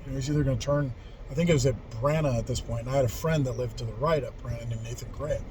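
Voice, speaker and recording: A man's voice: medium pitch, racing, background noise. A man in his forties casually telling a story from his youth, rambling and candid, with frequent swearing and restarts. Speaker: vlogger telling life stories.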